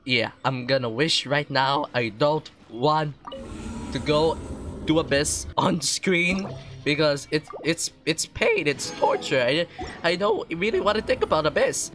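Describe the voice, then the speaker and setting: A young man hosting a gaming vlog, melodramatic, going from nervous pleading to loud, frustrated ranting. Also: a little high, lively intonation, unhurried, over music. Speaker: gaming video creator.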